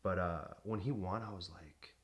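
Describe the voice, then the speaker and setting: A man's voice: low-pitched, normal speed. A young man co-hosting a podcast, telling a rambling story in casual chat and often cutting himself off mid-thought. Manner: rambling, self-interrupting storyteller. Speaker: podcast co-host.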